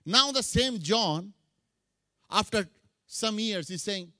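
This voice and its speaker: Man, middle-aged, pastor, sermon, bright tense voice, swinging pitch. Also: slow, no room sound, studio quality. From India. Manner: animated preaching mixing English with Hindi phrases.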